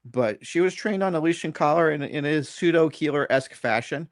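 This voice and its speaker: A man's voice: fairly high pitch, a little fast, dry recording, studio quality. A middle-aged man, a dog trainer and guest, telling a story in a candid, self-critical way and swearing casually.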